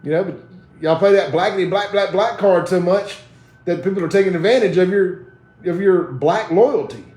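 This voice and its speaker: Man, mississippi southern accent, blunt defiant rant, fairly high voice, echoey room sound. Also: moderate pace, darkish tone. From Jackson, Mississippi, USA. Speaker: host of a live social media talk show. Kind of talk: ranting live commentary.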